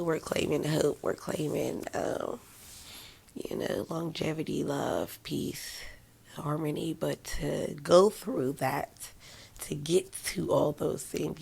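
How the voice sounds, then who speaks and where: A woman's voice: deep voice, gravelly, slight background noise. A woman hosting a podcast, talking through an emotional personal monologue in a raw, rambling, self-mocking way, still tearful after crying. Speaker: podcast host.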